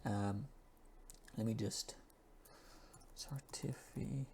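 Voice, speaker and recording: Low-voiced man teaching English pronunciation. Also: darkish tone, a little hiss or hum. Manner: slow and repetitive, drawing out and repeating sounds. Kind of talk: pronunciation lesson, reading an article aloud.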